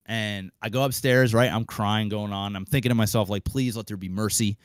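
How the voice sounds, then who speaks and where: A young man on a podcast mic, telling a long story in an animated, casual way, swearing freely and acting out the people in it. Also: lowish voice, fairly quick, no room sound. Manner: animated, acts out quoted voices, swears freely. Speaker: podcast co-host.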